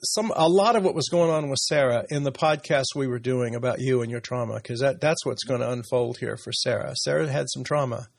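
A man in his late sixties speaks in a personal podcast conversation, his voice gravelly and slightly husky. He talks reflectively and openly, sometimes laughing softly. The sound is dry and close to the mic. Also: medium pitch, brisk, hardly any pauses, dry recording. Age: 60s. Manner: reflective, emotional, candid with soft laughs. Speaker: podcast host.

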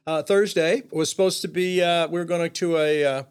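An older man, a guest, earnestly recounting a personal story, halting and trailing off with fillers. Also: fairly high pitch, steady tone, clean tone.

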